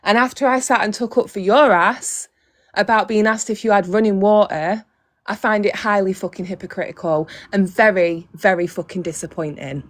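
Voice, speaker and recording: A woman's voice: medium pitch, normal speed, no room sound, studio quality. A woman hosting a casual livestream on a phone mic, blunt and profane, talking straight to her viewers. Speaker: livestream host.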